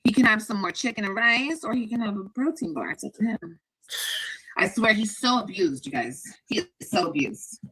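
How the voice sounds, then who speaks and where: Sarcastic woman with a husky, bright voice. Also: medium pitch, expressive, moderate pace, low-quality recording. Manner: sarcastic, mocking the viewers. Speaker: mother livestreaming. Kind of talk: casual livestream chat.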